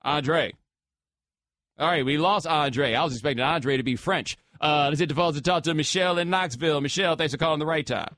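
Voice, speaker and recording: A man's voice, a bit high for a man, speaking into a dry studio microphone with no room sound. He hosts a sports radio call-in show and talks loose and slangy, addressing callers directly. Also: a little fast, fairly bright tone, no echo.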